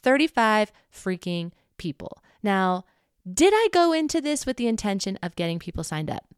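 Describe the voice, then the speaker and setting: A woman's voice: mid-range voice, very animated, normal speed, clear, resonant tone, dry recording, clean studio sound. A young woman hosting a podcast, talking casually and animatedly to her listeners, often laughing and swearing lightly. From United States. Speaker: podcast host. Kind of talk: casual personal monologue to listeners.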